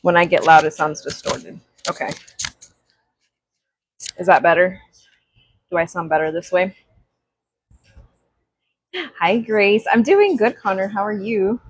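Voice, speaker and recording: A young woman chatting on a craft livestream, greeting viewers with excited gasps. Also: fairly low pitch, a little slow, pauses often, a little hiss or hum, poor audio. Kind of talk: casual livestream chat. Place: craft workspace at home. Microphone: small clip-on mic.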